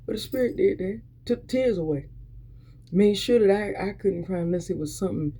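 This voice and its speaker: A woman's voice: mid-range voice, expressive, brisk, warm tone, slightly rough. A woman preaching a weekly motivational encouragement, fervent and repetitive, urging listeners on with many restarts. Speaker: motivational speaker.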